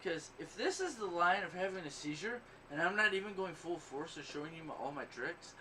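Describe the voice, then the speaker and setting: A man's voice: high voice, animated, a little fast, hardly any pauses, sharp tone. A man hosting a crude, casual podcast chat, telling blunt, profane, boastful stories. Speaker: podcast host. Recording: distant mic, noisy background.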